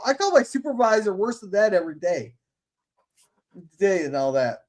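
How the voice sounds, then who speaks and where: A man's voice: sits high, brisk, long pauses, a little mellow. A man hosting a casual podcast, talking bluntly with lots of swearing and stumbling restarts. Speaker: podcast host. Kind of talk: casual opinionated chat.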